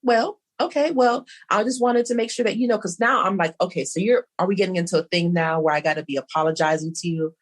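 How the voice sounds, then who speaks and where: Speaking quickly with barely a pause, a middle-aged podcast co-host works through a drawn-out, rambling story and quotes lines back and forth. Her voice is fairly low and her intonation fairly even, in a relaxed chat.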